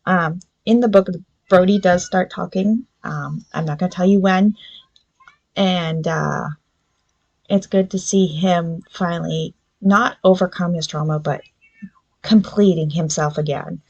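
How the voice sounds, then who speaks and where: A woman's voice: on the low side, unhurried, gravelly, a little mellow, highs cut off. A woman hosting a book review podcast, chatting loosely with many ums and briefly acting out characters' lines. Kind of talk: casual solo book review.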